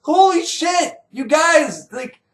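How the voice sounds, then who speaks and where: A man's voice: medium pitch, big pitch swings, brisk, a bit bright, roomy sound, voice pushed down. A man voicing a shrieking, furious young prophetess woman who screams and makes laser noises. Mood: furious shouting.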